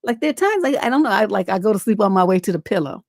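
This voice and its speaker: A woman's voice: mid-range voice, animated, racing, dry recording, studio quality. A middle-aged woman hosting a relationship advice livestream, talking in a blunt, profane, rambling way full of fillers, and reading viewer letters aloud. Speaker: relationship coach and livestream host.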